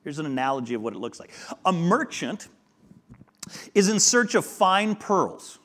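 A male preacher delivers a sermon in a lively, swooping voice that sits a little higher than most men's. He tells the story like a storyteller and acts out each character's lines in turn. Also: moderate pace. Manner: animated storyteller acting out dialogue.

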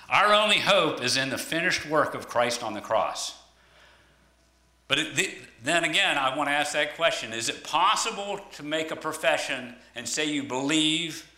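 A man preaches in a loose, conversational way, pausing on ums and restarting sentences as he goes. His voice is very bright and forward. He is heard in a roomy, echoing church space. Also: mid-range voice. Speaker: lay preacher. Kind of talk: sermon. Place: church hall. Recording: echoey room.

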